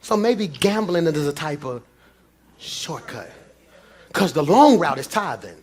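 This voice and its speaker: Man, pastor, high voice, shouted preaching then quiet storytelling, church sermon. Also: big pitch swings, a little slow. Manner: swings between shouted preaching and low confiding talk. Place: church before a congregation.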